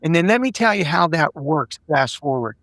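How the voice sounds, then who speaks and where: An older man, an executive coach, tells stories from work in a lively, chatty way, slipping into the voices of the people in them and doubling up on his words. His voice sits a bit high for a man. It is recorded close and dry, with no room sound. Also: moderate pace, dry recording. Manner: animated storyteller who acts out dialogue and repeats words. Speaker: executive coach and podcast guest. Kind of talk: conversational interview storytelling.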